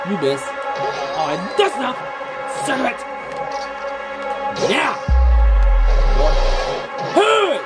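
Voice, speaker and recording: High yelly gamer, swears nonstop, loud game music under it. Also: huge pitch swings, very slow, pauses often. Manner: yelling, swearing, trash-talking. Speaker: gameplay commentator. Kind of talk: loud profane gameplay commentary.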